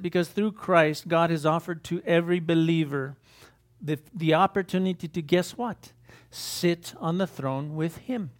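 High-voiced folksy older man preaching. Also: creaky. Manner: folksy, emphatic, chuckles at own asides. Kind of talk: informal sermon.

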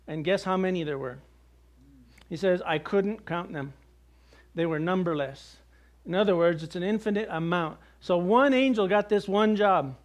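High-voiced male preacher, conversational. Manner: conversational preaching with jokes and acted quotes. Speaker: pastor. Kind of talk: sermon.

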